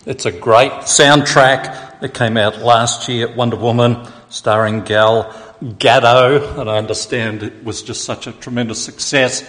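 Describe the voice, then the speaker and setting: A man's voice: mid-range voice, fairly even intonation, unhurried, few pauses, a bit bright, a little hiss or hum. A man preaching a sermon in a church auditorium, rousing and drawing in the congregation. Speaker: pastor.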